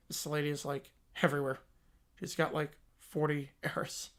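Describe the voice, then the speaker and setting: A man's voice: a little high, level tone, a bit bright, pitched below the performer's own voice. A man voicing a dim-witted cartoon teenage boy who snickers and drawls dopily. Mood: dopey. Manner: slow, snickering, dopey.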